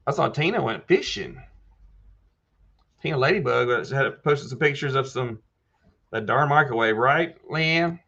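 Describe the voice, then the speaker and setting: A man's voice: mid-range voice, expressive, a little slow, creaky, long pauses, sharp tone, muffled recording. Folksy man hosting a livestream. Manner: folksy, reads out chat comments and replies to viewers by name. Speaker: livestream host answering viewer questions. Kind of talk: casual live chat.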